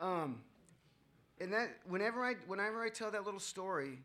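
A man's voice: sits high, expressive, a little fast, pushed and bright. A man sharing his own story with a group at a recovery meeting. He rambles and mocks himself, with many fillers and chuckles.

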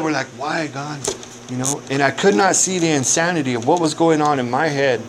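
A man's voice: on the high side, a bit bright. A man giving a candid personal recovery testimony with casual profanity and lots of conversational asides. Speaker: recovery speaker. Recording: noisy recording. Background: noise.

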